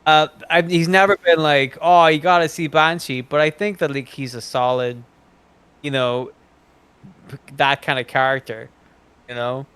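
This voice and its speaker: A man's voice: mid-range voice, steady tone, measured pace, long pauses, fairly bright tone, smooth. A man from Ireland, co-hosting a podcast and weighing his opinions carefully, with many fillers. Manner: thoughtful, hedging, with many fillers. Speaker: podcast co-host. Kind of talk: casual comic-book ranking chat.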